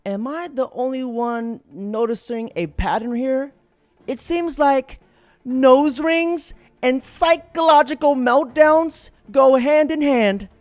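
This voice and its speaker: A woman's voice: sits high, slow pace, darkish tone, dry recording, soft background music. A woman hosting a commentary video, speaking in a dry, mocking tone over clips. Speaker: commentary host.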